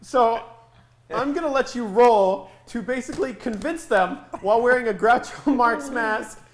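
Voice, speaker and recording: A man's voice: very high-pitched, normal speed, echoey room. A man running a tabletop game as game master, playful and chatty, laughing often.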